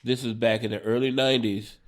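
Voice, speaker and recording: A man in his forties, a stand-up comedian, telling a wild road story on a podcast in an animated, profane way and laughing as he goes. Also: mid-range voice, fast.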